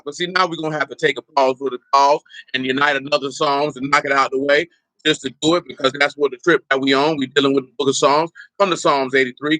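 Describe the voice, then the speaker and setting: Bright-voiced man preaching to his flock. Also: fairly high pitch, no echo. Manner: teasing, banters with the congregation. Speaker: pastor. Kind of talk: informal teaching sermon.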